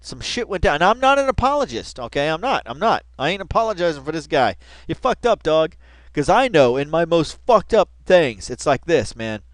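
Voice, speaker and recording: A man's voice: a little high, sing-song, moderate pace, no room sound. A man hosting a reaction video, talking in a casual, rambling, profane way full of slang.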